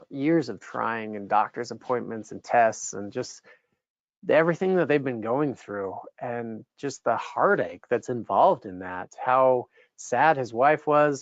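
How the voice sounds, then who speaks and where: A man giving a motivational speech, telling stories in an animated way and voicing the people he quotes. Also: mid-range voice, no room sound. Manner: animated storyteller, voices quoted characters. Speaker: keynote speaker. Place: event venue. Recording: dull, slightly muffled dry recording.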